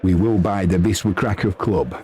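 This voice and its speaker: A man doing chatty live football commentary, reading out viewer messages and yelping with excitement at goals. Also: moderate pace, a little hiss or hum. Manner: chatty and excitable, bursting into high yelps at goals.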